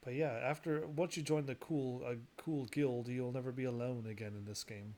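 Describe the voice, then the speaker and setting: A man casually commentating while he plays a game, rambling and quick to laugh at it, with game music behind him. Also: medium pitch, steady tone, a little mellow. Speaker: gaming video host. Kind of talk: casual let's-play commentary.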